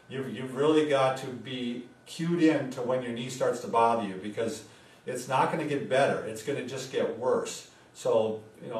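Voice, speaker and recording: A man, a physical therapist, explaining knee rehab in a casual, conversational way with filler words. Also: mid-range voice. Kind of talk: casual instructional talk. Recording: roomy sound, mic at a distance.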